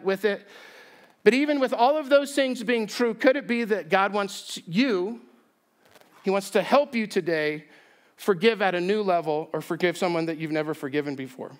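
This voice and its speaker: High-voiced pastor telling a story. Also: male voice. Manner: animated, self-deprecating humor. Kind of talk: sermon with storytelling. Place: church sanctuary.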